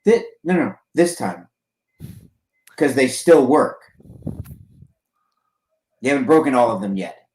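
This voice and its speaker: A man's voice: mid-range voice, animated, takes it slowly, long pauses, darkish tone, echoey room, poor audio. A man co-hosting a podcast who chats casually and ribs his co-host with dry sarcasm. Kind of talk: casual chat.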